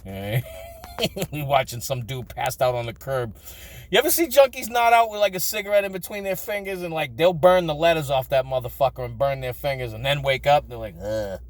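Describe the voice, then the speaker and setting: A man's voice: mid-range voice, expressive, a little fast, no room sound. A man telling crude, funny childhood stories in a casual vlog, swearing often and laughing between lines. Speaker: storyteller.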